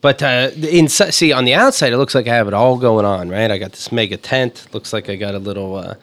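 A man's voice: medium pitch, a little fast, a bit bright. A man co-hosting a casual chat, making dry joking asides.

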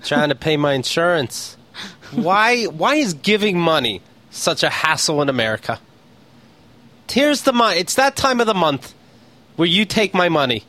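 A man's voice: fairly high pitch, bright, forceful tone. A man co-hosting a casual comedy podcast, ranting with exaggerated impressions of phone menus. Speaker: podcast co-host.

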